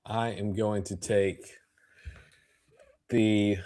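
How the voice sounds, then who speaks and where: Low-voiced laughing co-host. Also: male voice, level tone, mellow. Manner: easygoing, laughs often, adds quick jokes. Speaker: podcast co-host. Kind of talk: casual sports betting chat.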